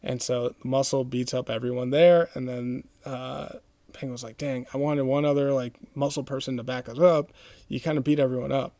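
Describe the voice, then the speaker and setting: A man's voice: mid-range voice, level tone, moderate pace, warm tone, no room sound. A male podcast host retelling a comic book plot in a loose, rambling way, with many fillers. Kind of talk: casual plot recap.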